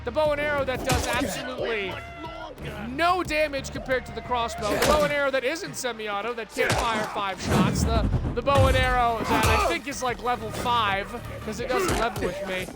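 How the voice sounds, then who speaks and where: A woman's voice: a little high, expressive, normal speed, over loud music. Profane, ranting woman streamer. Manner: stammering restarts. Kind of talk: live gameplay commentary.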